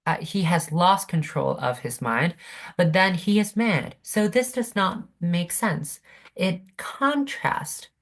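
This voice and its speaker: A woman teaching a literature class online, speaking patiently and checking in with her students over a video call. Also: fairly low pitch. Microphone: computer mic on video call.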